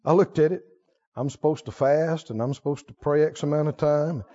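A man's voice: on the high side, moderate pace, warm tone, muffled recording. A male preacher delivering a sermon, talking with animation, questioning the crowd and laughing now and then.

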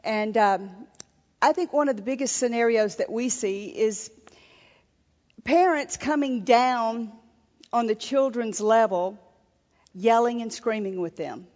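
Woman preacher talking real slow, kinda high voice, muffled lo-fi recording. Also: a little mellow. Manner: earnest, slow, with restarts. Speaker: minister. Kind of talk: sermon at a marriage seminar. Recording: lo-fi recording in a reverberant hall.

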